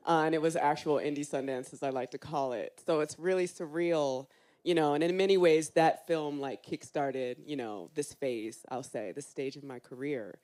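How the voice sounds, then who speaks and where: A woman chatting casually on a panel, animated and joking. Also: low-pitched, normal speed. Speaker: actress on a panel.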